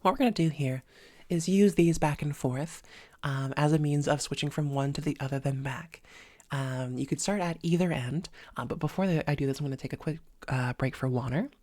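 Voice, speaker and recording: A woman voice coach giving an instructional lesson in a calm, measured way, with frequent "sort of" and "um" fillers as she explains exercises. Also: low-pitched, no echo. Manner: demonstrates sounds with their own voice.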